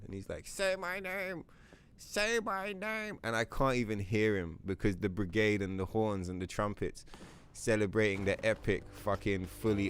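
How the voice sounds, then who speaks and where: A man's voice: deep voice, clean tone. Profane rambling male game streamer. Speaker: livestream host. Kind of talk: casual gameplay stream chat.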